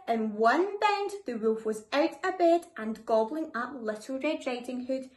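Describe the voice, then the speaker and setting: A woman reading a children's story aloud in a lively, expressive way. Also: sits high, unhurried, few pauses. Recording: echoey room.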